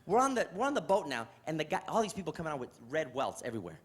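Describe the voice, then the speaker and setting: A man's voice: fairly high pitch, very fast, breathy edge. A middle-aged man from New York City doing stand-up comedy on a theater stage, telling exasperated stories and acting them out. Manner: animated, exasperated storytelling with act-outs.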